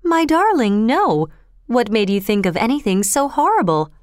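A gentle mother who soothes and explains in a calm tone, as a woman narrator reads her. The voice is smooth and lively in pitch. The recording is dry and close. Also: fairly quick, dry recording, lightly acted. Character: warm, gentle mother reassuring her children.

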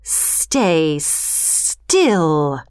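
A woman voicing a huge male python in a storybook reading, with a slow, hissing, commanding delivery. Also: sits low, big pitch swings, darkish tone, clear, resonant tone, no echo, clean studio sound, pitched below the performer's own voice, exaggerated voice.

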